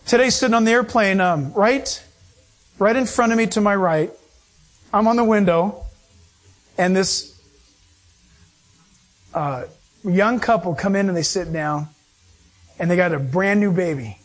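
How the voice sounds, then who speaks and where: A man preaching a sermon, telling stories with animated delivery and acting out other people's voices. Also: high-pitched, measured pace, long pauses. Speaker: pastor.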